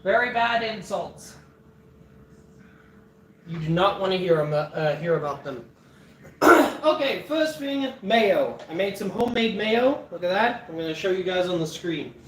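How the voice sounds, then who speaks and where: A man's voice: sits high, expressive, a little slow, a bit bright, distant mic. A man talks his viewers through a recipe in a loose, joking way, laughing often and swearing freely. He stands some way from the mic in an echoey home kitchen, with a faint hum of background noise. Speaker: cooking streamer. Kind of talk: casual cooking livestream chat.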